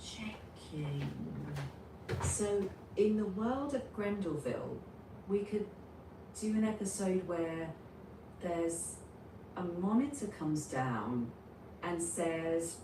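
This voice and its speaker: A woman improvising and narrating a silly school story in a slow, animated way, heard from a distance in a roomy, noisy space. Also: lowish voice. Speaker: story co-writer.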